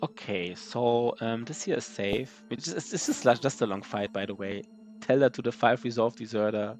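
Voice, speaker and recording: A man talking his way through a live game stream in a loose, rambling voice of ordinary pitch, full of fillers and restarts as he answers chat. Faint music plays underneath him. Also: normal speed, darkish tone. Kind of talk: casual live-stream chat while gaming.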